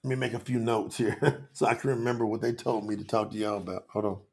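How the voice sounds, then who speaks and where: Speaking fast in a low-leaning, level voice with vocal fry, a livestream host runs an online telethon. He addresses viewers directly with passion and casual slang.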